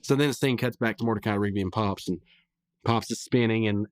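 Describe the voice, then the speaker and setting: A man's voice: on the low side, fairly quick, no echo. A male podcast host rambling casually through a recap of a cartoon episode, with lots of restarts. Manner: rambling, with many restarts and fillers.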